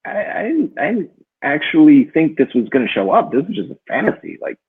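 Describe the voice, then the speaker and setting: Husky man telling a story over a tinny line. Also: fairly high pitch, a little fast. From northern Minnesota. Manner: rambling, many fillers, lively when quoting himself. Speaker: book club co-host. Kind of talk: casual storytelling chat. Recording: tinny phone-like audio.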